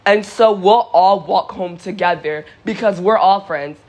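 A woman's voice: mid-range voice, measured pace, darkish tone, natural voice. A young woman mimicking a pushy young man in her story who insists they all walk home together. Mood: insistent.

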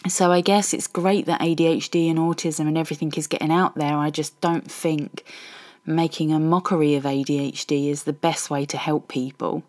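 A woman's voice: low voice, fairly even intonation, normal speed, darkish tone. A middle-aged woman hosting a podcast, talking candidly and ramblingly about her frustrations in a personal monologue. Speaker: podcast host.

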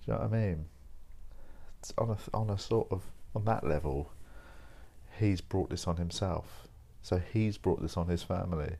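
Deep-voiced rambling man. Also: moderate pace, gravelly, mellow, slightly rough. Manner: rambling, informal, swears, says "mate" and "like" a lot. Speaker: podcast host. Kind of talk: casual monologue over coffee.

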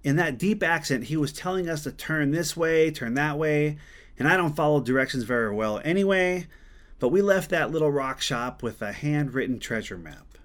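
A man from Montana tells a personal story, his voice sitting a little higher than most men's. He talks in an earnest, conversational way and often restarts a word to correct himself. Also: expressive, moderate pace, fairly bright tone.

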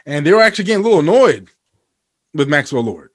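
A man co-hosting a casual podcast chat, rambling with many fillers and restarts, and getting animated and profane when worked up. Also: fairly high pitch, fast talker. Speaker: podcast co-host.

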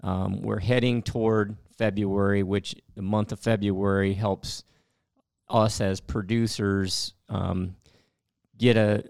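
A man's voice: fairly low pitch, vocal fry, a little mellow, no echo, clean studio sound. A man hosting a casual interview, asking rambling questions and restarting them often. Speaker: host.

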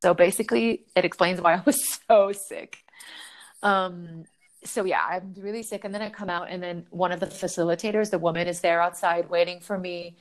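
A woman's voice: fairly low pitch, fairly even intonation, moderate pace. A woman talks casually as a podcast guest, telling a personal story with lots of energy. She laughs easily and swears without fuss. She keeps slipping into voicing her own thoughts in quotes.

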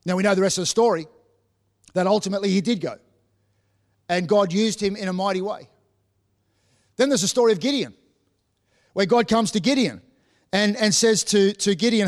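A man's voice: high-pitched, moderate pace, pauses often. A man preaching a sermon as a pastor, often repeating words as he restarts and acting out the voices of Bible figures.

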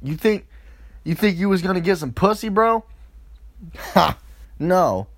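Guy doing a crude exasperated comedy rant, pitch all over the place. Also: dry recording, clean studio sound.

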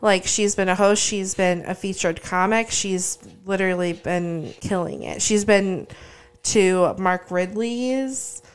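Woman, podcast co-host, smooth clear voice, enthusiastic casual talk. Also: mid-range voice, slow, few pauses. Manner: enthusiastic, hypes up her co-host. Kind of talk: casual chat.

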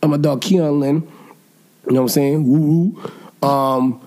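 A man's voice: on the high side, steady tone, a little slow, warm tone. A man co-hosting a laid-back podcast, talking in a loose, slangy way. He teases his co-host playfully and keeps the banter going. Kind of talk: casual chat.

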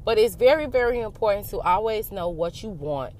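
A woman's voice: mid-range voice, animated, a little fast, a little mellow, slight background noise. A woman vlogging self-help advice in a casual, frank and profane way, acting out both sides of a talk with herself. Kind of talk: casual motivational monologue.

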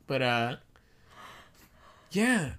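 A man's voice: medium pitch, big pitch swings, drawn-out words, a bit bright. A young man co-hosting a podcast, joking around and swearing casually in slangy chat. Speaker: podcast co-host.

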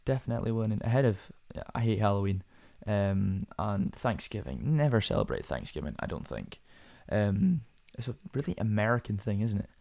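Low gravelly young man. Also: big pitch swings, moderate pace, hardly any pauses, mellow. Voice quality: voice cracks at times. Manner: rambling, self-deprecating, many fillers and restarts. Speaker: podcast host. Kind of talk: casual solo podcast monologue.

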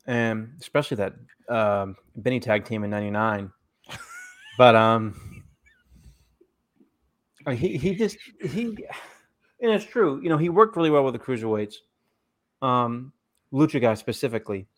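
Male podcast host, casual and rambling, mid-pitched, chewing while he talks. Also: unhurried, pauses often. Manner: rambling, restarts often, swears casually; eating while talking. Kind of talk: casual wrestling podcast chat.

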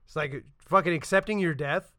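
A man co-hosting a podcast talks in a casual, swearing-heavy chat, acting out lines from scenes he describes. His voice is bright and forceful and sits a little high. The sound is close and dry, with no room around it. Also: normal speed, no room sound. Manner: profane, animated retelling with acted-out quotes. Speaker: podcast co-host.

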